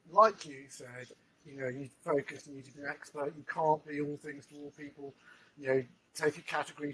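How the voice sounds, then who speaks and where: A man's voice: a little high, bright, forceful tone, poor audio. Rambling man hosting an interview. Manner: rambling, restarts questions. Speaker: interview host. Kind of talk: casual interview chat.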